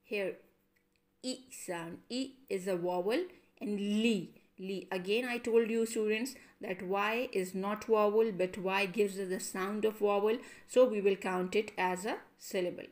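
Slow woman teacher drilling syllables. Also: medium pitch, fairly even intonation, darkish tone. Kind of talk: classroom lesson.

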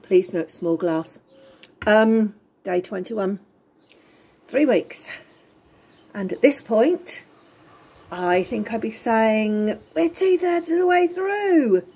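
A woman's voice: a little high, animated, slow pace, long pauses, a little mellow, breathy edge. A middle-aged woman giving a rambling, chatty video diary from her home, often breaking into giggles. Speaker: vlogger. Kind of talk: casual lockdown diary vlog. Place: home in Spain during lockdown.

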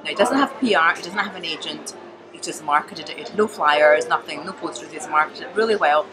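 A woman comedian with a Scottish accent, chatting in an interview and telling stories with emphatic, animated delivery. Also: sits low, quick pace, background noise. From Scotland. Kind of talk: casual interview chat.

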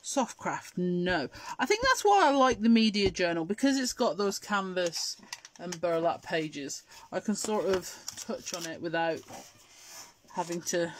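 A middle-aged woman with an English accent, hosting a live crafting demonstration and chatting to viewers while she works. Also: mid-range voice. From Scotland. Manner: chatty, answers viewer comments while working. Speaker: craft show host.

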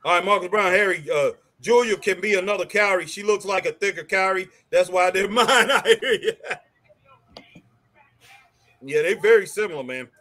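A man co-hosting a live stream in casual chat, excitable and chuckling, ending lines with "man" and "boy". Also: high voice, brisk, hardly any pauses. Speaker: co-host of a wrestling live stream.

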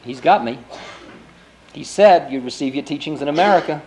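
A man's voice: on the high side, moderate pace, a little mellow, slight background noise, low-quality recording. A man in his forties, a spiritual teacher giving a lecture, telling a story in a loose, conversational way full of "you know" and "I mean". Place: lecture before an audience.

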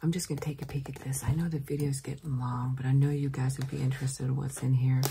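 A woman doing a whispered ASMR mail opening, switching between soft whispers and quiet speech and drawing out her words. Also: extremely low pitch, level tone, vocal fry, slight background noise. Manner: slow, drawn-out words. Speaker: ASMR creator.

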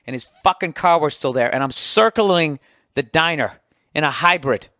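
Man in his forties, american, ranting and swearing, higher-pitched voice, dry close sound. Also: normal speed, bright, forceful tone, no echo. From United States. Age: 40s. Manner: profane, ranting, self-mocking. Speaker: podcast host. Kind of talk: casual storytelling monologue.

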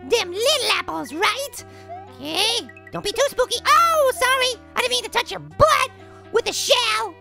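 A man voicing a tiny, cocky male cartoon apple with a sped-up, pitched-up voice, giving brash, giggly game commentary. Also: lively intonation, unhurried, gravelly, bright, forceful tone, heavily acted. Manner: brash, giggly, trash-talking. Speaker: gameplay commentator. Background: game music.

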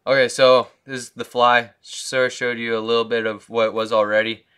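A man giving a casual fly-tying demonstration in an easygoing way, laughing often and pausing with ums. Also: medium pitch, completely flat delivery, a bit bright, clean tone. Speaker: fly tier demonstrating a pattern.

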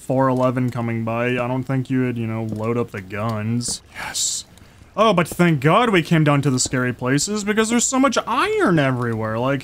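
A man giving casual, excitable commentary while playing a survival game, chatting to the creatures on screen. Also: mid-range voice, slight background noise. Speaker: gameplay streamer.

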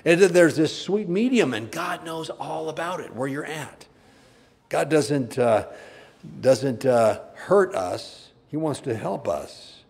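A man pastor preaching a sermon, conversational and plain-spoken, with sudden animated bursts. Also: a little high, takes it slowly, gravelly.

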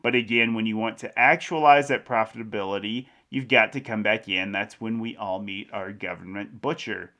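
Male crypto news host, lowish bright tone, reads articles aloud with chuckling asides. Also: fairly even intonation, moderate pace, hardly any pauses. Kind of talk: reading and commenting on news articles.

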